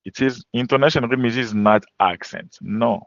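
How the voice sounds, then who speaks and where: A man's voice: medium pitch, normal speed, gravelly, no echo, lo-fi sound. A native French-speaking man teaching French in a webinar, giving plain advice in short, repetitive instructions. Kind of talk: webinar lecture.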